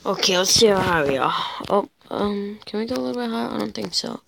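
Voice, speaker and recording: A woman's voice: medium pitch, lively intonation, fast talker, creaky, fairly bright tone, a little hiss or hum, poor audio. A teenage girl chatting casually while playing a video game, rambling and mocking herself as she goes. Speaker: gameplay commentator. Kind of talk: casual gameplay commentary.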